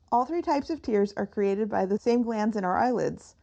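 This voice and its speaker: Podcast co-host, woman, fairly high voice with gravelly fry, giggly casual chat. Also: expressive, unhurried, dark tone, lo-fi sound. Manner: giggly, laughs a lot.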